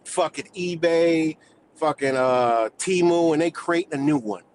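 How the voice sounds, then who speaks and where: A man's voice: a little high, a little slow, darkish tone, slight background noise, rough recording. A man hosting a livestream, delivering a heated, profanity-filled rant in streetwise slang. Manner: heated, swearing, streetwise slang, laughs between points. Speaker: livestream host.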